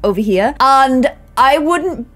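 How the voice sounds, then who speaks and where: A young woman with a Yorkshire accent, reacting to her old videos in an animated, self-mocking, exclamatory way. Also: sits high, slow pace. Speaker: YouTuber host.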